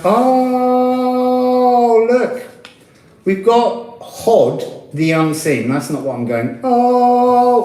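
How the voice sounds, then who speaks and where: Male tarot reader with a higher-than-average voice, slow and meandering, mystical delivery, recorded in an echoey room. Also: a little mellow. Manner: slow, meandering and mystical, pausing to correct himself. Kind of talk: spoken tarot reading for a video channel.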